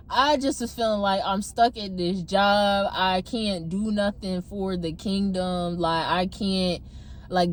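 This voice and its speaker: A young woman telling a personal testimony in a casual, animated way, laughing often and acting out her own past outbursts, talking from her parked car. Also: medium pitch, slow pace. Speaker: testimony vlogger. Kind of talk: casual storytelling.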